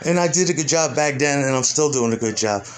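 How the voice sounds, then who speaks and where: A man's voice: mid-range voice, a little fast. A man, a musician, in a rambling and profane rant, combative and heated. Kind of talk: ranting monologue.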